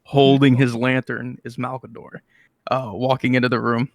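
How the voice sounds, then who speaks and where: A man's voice: medium pitch, little pitch movement, moderate pace, no room sound, clean studio sound. A man narrating as game master of a tabletop game, rambling with many fillers and restarts.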